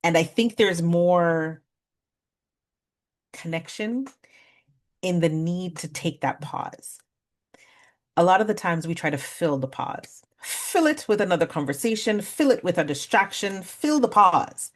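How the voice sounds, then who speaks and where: A woman in her forties leading a parenting workshop, talking conversationally, laughing at herself and slowly counting out breathing exercises. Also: on the low side, animated. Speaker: workshop facilitator. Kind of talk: guided breathing exercise and storytelling talk.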